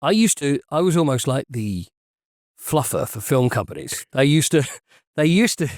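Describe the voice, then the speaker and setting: A man co-hosting a podcast, chatting casually in a jokey, animated way and laughing often. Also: fairly high pitch, normal speed, no room sound, clean studio sound. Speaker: podcast co-host. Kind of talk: casual chat.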